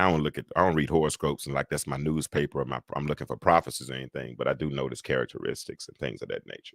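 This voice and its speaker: A man hosting a live call-in talk show, rambling and animated, swinging between loud and soft talk. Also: very deep voice, gravelly, no echo, studio quality.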